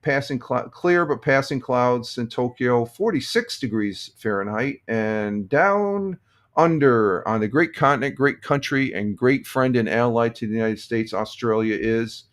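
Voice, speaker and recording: A man's voice: medium pitch, expressive. Rambling older man hosting a chatty stream. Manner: rambling, halting, with many restarts and chuckles. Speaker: live-stream host. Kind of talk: casual morning chat stream.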